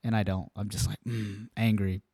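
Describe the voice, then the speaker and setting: A man's voice: on the low side, little pitch movement, moderate pace, dark tone, husky, dry recording, studio quality. A man co-hosting a faith podcast, talking in an earnest, rambling way with plenty of fillers. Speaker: podcast co-host. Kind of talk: casual faith talk.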